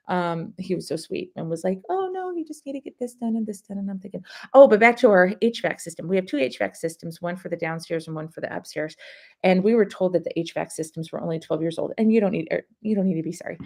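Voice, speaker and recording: A rambling woman hosts a relaxed live-stream chat, answering her viewers' comments between stories. Her voice sits low and carries a gravelly fry.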